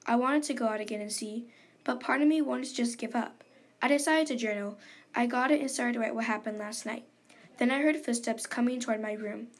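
A woman reading her own story aloud in a plain, earnest way, with simple phrasing. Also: on the high side.

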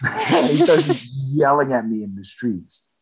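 A man in his twenties chatting casually on a podcast, laid-back, with deadpan jokes and a lot of laughter. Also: medium pitch, slow pace, breathy edge. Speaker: podcast co-host. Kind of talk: casual chat.

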